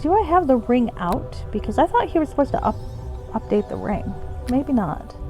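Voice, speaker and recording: A woman's voice: high-pitched, big pitch swings, moderate pace, over music. A woman streamer giving casual, wry commentary while playing a game, thinking aloud. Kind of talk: casual let's-play commentary.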